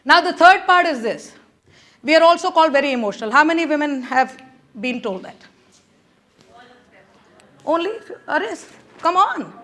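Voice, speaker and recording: A middle-aged woman giving a motivational speech in a conference room, animated and coaxing her audience with repeated urging. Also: sits high, normal speed, pauses often. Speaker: conference speaker.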